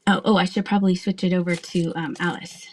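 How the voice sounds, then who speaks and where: A woman's voice: fairly low pitch, steady tone, quick pace, a little hiss or hum. A woman in her thirties chatting casually while selling items on a live stream, laughing often and talking to viewers. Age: 30s. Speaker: live auction seller.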